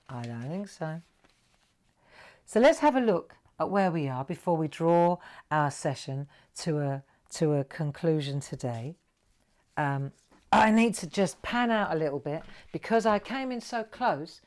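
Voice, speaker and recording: A woman's voice: low-pitched, expressive, unhurried, darkish tone. A woman hosting a live craft tutorial, chatting and encouraging viewers as she draws. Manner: chatty, encouraging, talks to viewers while drawing. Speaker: craft show host.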